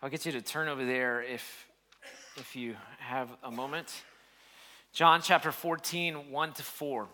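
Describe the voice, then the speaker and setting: A man's voice: mid-range voice, fairly even intonation, measured pace, bright, forceful tone. A man preaching a sermon, reading scripture and building emphasis as he explains it. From United States. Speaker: pastor.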